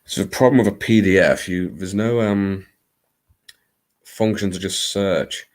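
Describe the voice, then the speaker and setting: A man's voice: deep voice, steady tone, unhurried. A man hosting a late-night live stream, chatting in a theatrical, rambling, self-mocking way.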